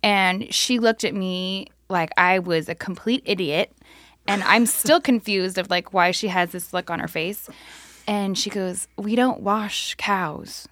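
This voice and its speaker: A woman's voice: medium pitch, unhurried, a bit bright, no room sound, clean studio sound. Self-deprecating woman telling farm stories. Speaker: podcast co-host. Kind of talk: casual storytelling.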